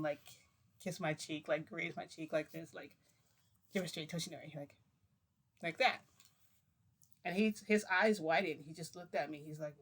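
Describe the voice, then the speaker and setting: A young woman tells her viewers a long personal story. She talks casually and rambles, and her sentences are packed with "like" fillers. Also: sits low. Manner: rambling, chatty, full of "like" fillers. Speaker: vlogger.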